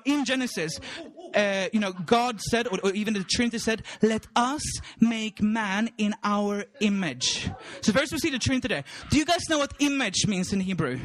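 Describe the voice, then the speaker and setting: A man preaching a lively sermon, exuberant and laughing often, repeating words and shouting at high points.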